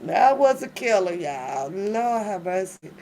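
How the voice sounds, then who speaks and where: Woman w AAVE, slow-talking host, laughs a lot, bit of faint background noise. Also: medium pitch. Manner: animated, laughs often, exclaims to her audience. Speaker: reaction channel host. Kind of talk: casual reading and reaction commentary.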